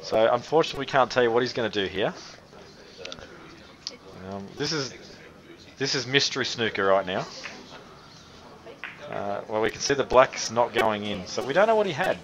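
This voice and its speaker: A man's voice: medium pitch, animated, moderate pace, long pauses, fairly bright tone, rough recording. A man commentating live snooker, thinking aloud as he reads the table and often restarting his sentences. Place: commentary position at a snooker venue. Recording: crowd audible behind the commentary.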